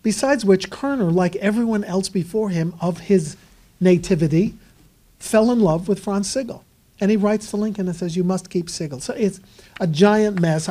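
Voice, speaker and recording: Man telling history in a mellow voice. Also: a little high. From United States. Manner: conversational, wry asides, frequent fillers. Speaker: author and historian speaker. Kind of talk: lecture storytelling.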